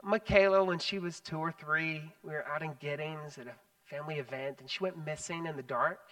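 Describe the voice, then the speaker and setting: A man preaching a sermon as pastor, animated, swinging between loud emphasis and hushed asides. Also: a little high, a little fast, recorded from a distance, rough recording. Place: church sanctuary.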